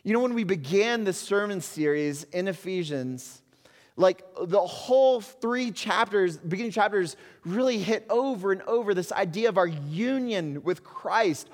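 A middle-aged pastor preaches in an unhurried, deliberate way, his voice sitting a little high for a man. He moves from quiet, confiding asides to rousing exhortation, always earnest. His words ring out with the long reverb of a large church hall. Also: lively intonation. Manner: earnest, swings between soft confiding and loud exhortation. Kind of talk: sermon.

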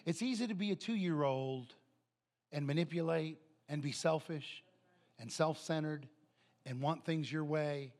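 Gravelly-voiced man preaching. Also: fairly high pitch. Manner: animated, acts out family members' voices. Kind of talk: sermon with storytelling.

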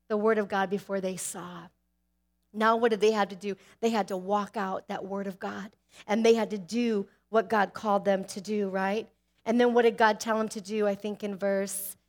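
A woman preaching a sermon with emphatic, rising exhortations. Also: fairly high pitch.

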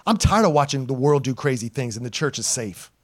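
A middle-aged man, a pastor, preaching a sermon to a congregation, calling for responses and swinging between loud and hushed delivery. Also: mid-range voice, expressive, a little fast. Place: church sanctuary before a congregation.

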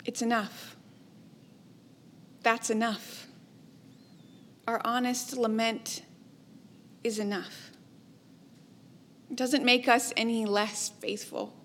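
A woman preaching a sermon, her voice sitting a little high for a woman. She speaks slowly and deliberately, with a measured, reflective delivery and softly trailing endings.

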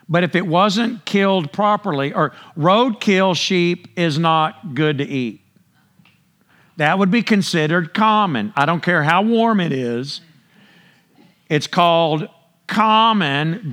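A male preacher teaching from scripture with a high voice and a slow, unhurried delivery. He talks in a conversational way, checks in with the congregation and acts out the people in the story. He clears his throat now and then. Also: a bit bright. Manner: conversational, asks the congregation questions; acts out biblical characters in paraphrase. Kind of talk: sermon teaching.

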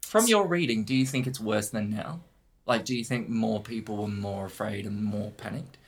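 A man's voice: lowish voice, normal speed, creaky. A man co-hosting a podcast in casual chat, joking and asking questions, with lots of "like". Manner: jokey, many "like" fillers, asks questions. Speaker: podcast co-host.

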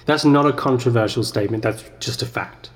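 A man's voice: mid-range voice, brisk. A man, hosting a podcast and rambling in a self-deprecating comic monologue as he argues with himself. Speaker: podcast host. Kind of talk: comedic sketch monologue.

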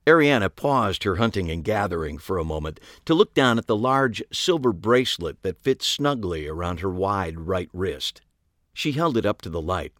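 A man's voice: lowish voice, big pitch swings, normal speed, a bit bright, no room sound. A man narrating a story in the first person, dry and wry in tone. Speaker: audiobook narrator.

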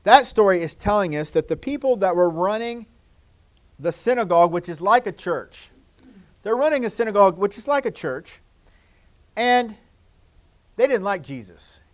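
A man preaching a children's sermon in church, gentle and repetitive, swinging from loud to hushed. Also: high-pitched, lively intonation, normal speed, pauses often. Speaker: pastor.

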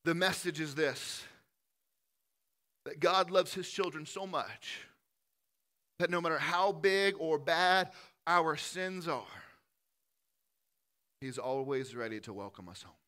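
Impassioned preacher man, bright voice. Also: a little high, slow, pauses often. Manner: impassioned, swings from loud building lists to soft pleading. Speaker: pastor. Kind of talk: sermon. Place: church.

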